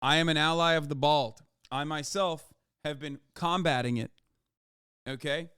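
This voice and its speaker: A male streamer holds forth to his live chat with a slightly raised, smooth, resonant voice. He mocks and swears freely, piling on sarcastic asides and restarts. The sound is close and dry, with no room around it. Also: a little high, normal speed, no echo. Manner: profane, sarcastic and mocking; animated, with frequent restarts and emphatic asides. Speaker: livestreamer. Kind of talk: casual livestream rant to chat.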